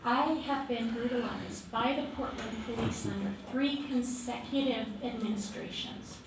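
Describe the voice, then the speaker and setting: A shaken woman activist speaks at a council meeting, her somewhat high voice gravelly and unsteady. She stumbles through fillers and restarts as she talks. She is heard from a distance in a very echoey chamber, with steady noise behind her. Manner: halting, with many fillers and restarts. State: trembling, emotional. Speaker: activist giving public testimony. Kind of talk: unplanned public testimony.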